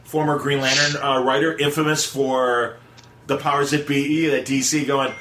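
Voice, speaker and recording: A man's voice: mid-range voice, flat delivery, normal speed, fairly bright tone, a little hiss or hum. Rambling man in an echoey room. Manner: rambling, digressive storyteller. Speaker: podcast host. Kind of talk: casual chat. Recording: echoey room with faint music.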